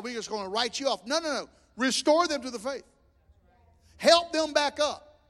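Male preacher, very high pitch, fervent delivery with stammered restarts, recorded in an echoey sanctuary. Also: fairly bright tone. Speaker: pastor. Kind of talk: sermon. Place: church sanctuary. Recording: long echoing reverb of a church hall.

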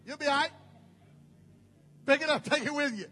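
Male pastor, high voice, emphatic sermon, folksy humor, long hall echo. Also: moderate pace, sharp tone. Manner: emphatic preaching, folksy and joking asides.

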